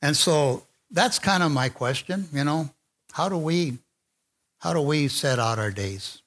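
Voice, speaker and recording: A man's voice: on the high side, expressive, measured pace, fairly bright tone. A man preaching a conversational sermon and speaking informally, with fillers and restarts.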